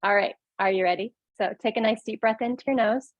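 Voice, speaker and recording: A woman's voice: medium pitch, brisk, dry recording, dull audio. A woman yoga and mindfulness instructor leading a guided laughter exercise, upbeat and encouraging.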